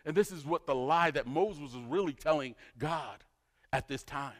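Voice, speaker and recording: A man's voice: on the high side, normal speed, a bit bright. A man preaching a sermon, a pastor who tells the story with animation and acts out the dialogue. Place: church sanctuary. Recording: church hall reverb.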